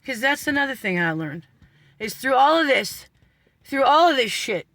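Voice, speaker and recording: A high-pitched man rants through a rambling story, swearing constantly and laughing between lines. He talks sarcastically and keeps breaking off into side remarks. The sound is dry, with no room echo. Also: big pitch swings, moderate pace, sharp tone. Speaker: vlogger. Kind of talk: profane storytelling rant.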